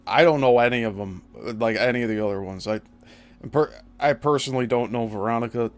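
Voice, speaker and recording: A man co-hosting a casual chat, easygoing, reading viewer comments aloud. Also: medium pitch.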